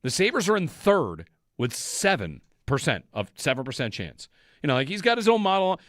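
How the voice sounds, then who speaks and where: A man's voice: a little high, huge pitch swings, normal speed, fairly bright tone, dry recording, studio quality. A man hosting a sports radio show, talking in a conversational, analytical way. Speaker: radio host. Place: radio studio. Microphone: studio microphone.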